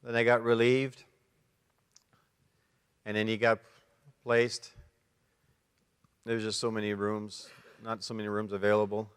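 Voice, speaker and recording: A man's voice: fairly low pitch, completely flat delivery, clean tone. Canadian man telling a story in a hall. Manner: emotional storytelling, pauses and restarts. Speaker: conference speaker. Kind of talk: personal testimony talk. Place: large conference hall. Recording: long hall reverb.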